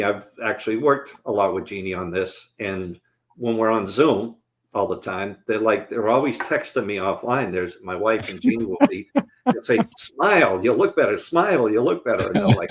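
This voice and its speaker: Lively-voiced man sharing anecdotes. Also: fairly low pitch. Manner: self-deprecating anecdotes. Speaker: guest. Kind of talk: casual conversation.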